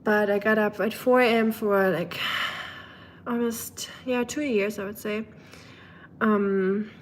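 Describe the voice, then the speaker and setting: A woman live streamer chatting casually with her viewers, rambling with lots of fillers and quick laughs. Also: mid-range voice, slight background noise. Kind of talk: casual chat reading viewer comments.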